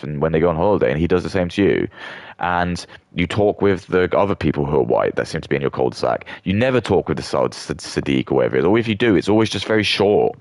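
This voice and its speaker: A man's voice: low-pitched, gravelly, no room sound, studio quality. A British man in his thirties, talking in a rambling, blunt rant with frequent stammering restarts. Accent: British English. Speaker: streamer.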